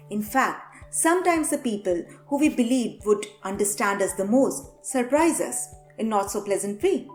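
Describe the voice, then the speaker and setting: A woman vlogger with a fairly high, very animated voice giving advice to camera. She talks in a lively way and switches into playful acted-out scenes. The sound is roomy and echoey, with soft music underneath. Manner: lively, acts out little scenes in different voices. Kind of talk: talking-to-camera advice vlog. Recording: echoey room with faint music.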